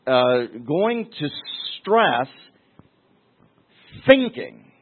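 A middle-aged man pastor preaching a teaching sermon, deliberate, with restarts and asides. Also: fairly high pitch, sing-song. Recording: tinny phone-like sermon recording.

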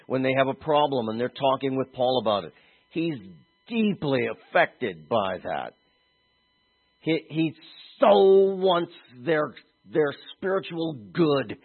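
Male preacher with a husky voice, animated delivery from soft to emphatic, thin phone-like recording. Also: mid-range voice. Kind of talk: sermon. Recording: tinny phone-like audio.

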